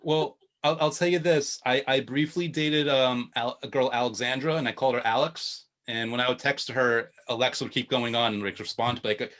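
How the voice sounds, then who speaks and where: A man chatting as a show guest, telling animated stories and laughing often. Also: medium pitch, normal speed, hardly any pauses. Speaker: guest, video podcaster. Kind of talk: casual chat.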